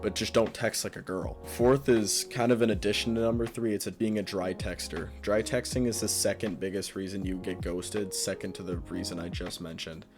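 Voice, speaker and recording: Blunt low-voiced man giving dating advice. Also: steady tone, normal speed, few pauses, over music. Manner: blunt, offhand, lecturing. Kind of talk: casual advice monologue.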